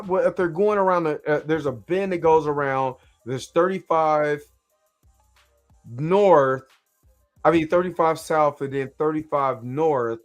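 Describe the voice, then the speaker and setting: A talkative man from Kansas City hosts his own reaction show, rambling through his thoughts in a loose, conversational way. His voice sits a bit higher than most men's, and faint music plays under it. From Kansas City, USA. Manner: talkative, repeats "you know what I'm saying", restarts. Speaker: show host reviewing an episode. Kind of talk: casual live reaction commentary.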